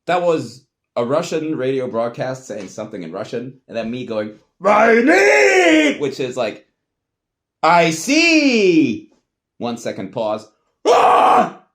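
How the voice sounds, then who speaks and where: A man's voice: fairly low pitch, expressive, unhurried, darkish tone. A man, rambling casually and swearing offhandedly while he tests old recording gear at home. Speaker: vlogger. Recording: noisy home recording with clicks.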